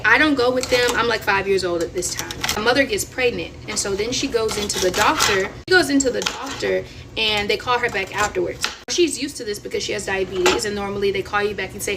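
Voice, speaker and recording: Young woman from Florida, casual storyteller, set back from the mic with steady noise behind. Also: mid-range voice, brisk, creaky. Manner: animated, chatty, dramatic asides. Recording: distant mic with audible noise.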